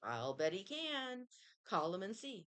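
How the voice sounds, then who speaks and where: Lady doing a high eager little boy, coaxing his dog, bouncy storybook voice. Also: very animated, unhurried, fairly bright tone.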